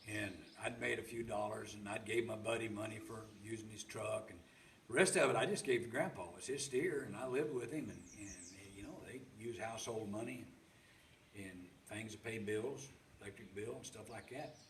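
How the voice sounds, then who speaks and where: A man's voice: on the low side, normal speed, slight background noise. Older man telling a homespun story. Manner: homespun, rambling, repeats words. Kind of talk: folksy spoken storytelling. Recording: roomy sound from a distant mic.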